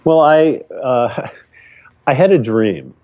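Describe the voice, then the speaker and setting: An older Michigan man appears as a podcast guest, recounting a personal story in a reflective, earnest way that rambles and keeps restarting. His mid-range voice is expressive and slow, and the remote audio sounds dull and lo-fi.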